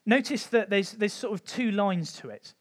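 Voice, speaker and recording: A man's voice: high-pitched, lively intonation, normal speed. Chatty man teaching about the Bible. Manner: conversational, frequent ums, light humour. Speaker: church teacher. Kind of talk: informal Bible teaching talk.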